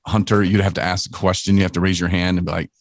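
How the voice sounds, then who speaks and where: A man's voice: low voice, little pitch movement, fast, no echo, clean studio sound. A man co-hosting a podcast in casual banter, joking and riffing on absurd scenarios. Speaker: podcast co-host.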